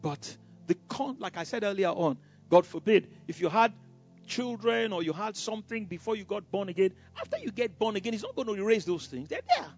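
Male pastor, animated storytelling sermon, husky high voice, dull lo-fi recording. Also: brisk. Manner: animated storytelling preacher, full of "you know" asides, stammers. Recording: dull lo-fi sound with faint music.

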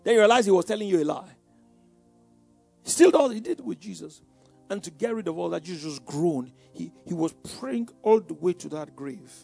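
A man preaching a sermon, calling out questions to the congregation and swinging from hushed tones to shouts. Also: sits high, animated, moderate pace, gravelly, breathy edge, faint music behind.

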